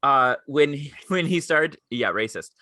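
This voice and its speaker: A young man on a podcast, talking in a bright, forward voice that swings up and down a lot as he tells a story. He acts out the people he quotes. The sound is close and dry. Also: fairly high pitch, expressive, unhurried, no echo. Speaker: podcast co-host. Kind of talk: casual chat.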